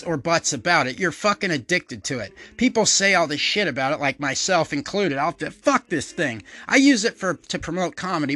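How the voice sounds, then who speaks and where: A man's voice: fairly high pitch, pushed and bright. A middle-aged man and podcast host, rambling through a profane, self-deprecating casual monologue and laughing often.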